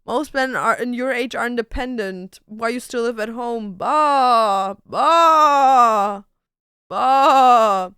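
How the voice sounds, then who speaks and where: Bright, playful young woman streamer. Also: fairly high pitch, moderate pace, few pauses, clear, resonant tone, no echo, studio quality. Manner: playful, crude, laughs a lot. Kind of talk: casual livestream chat.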